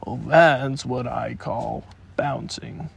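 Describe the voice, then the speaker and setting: A man voicing a gloomy, sulky old male donkey in a storybook reading, with a slow, mournful, sarcastic drawl. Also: medium pitch, creaky, breathy edge, heavily acted. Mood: glum. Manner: sarcastic, self-pitying.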